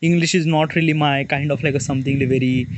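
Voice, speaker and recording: A man's voice: on the high side, fairly even intonation, fast, lo-fi sound, noisy background. A man from Maharashtra with an Indian accent, talking in a rambling, casual monologue with lots of fillers and restarts. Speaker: vlogger.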